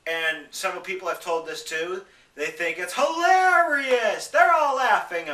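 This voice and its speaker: A young man ranting to camera in an upset, emotional way, sometimes mocking other people in high voices. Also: animated, unhurried, sharp tone, roomy sound, distant mic. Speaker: vlogger. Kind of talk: upset personal rant to camera.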